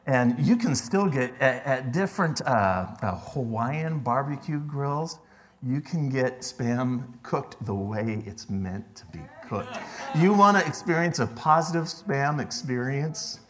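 A middle-aged man preaching a sermon as pastor, in a conversational way that drops to hushed tones for emphasis. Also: mid-range voice, expressive, takes it slowly.

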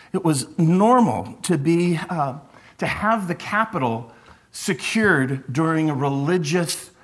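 Animated pastor, a man preaching. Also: fairly high pitch. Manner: conversational, animated storytelling with frequent restarts. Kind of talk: sermon.

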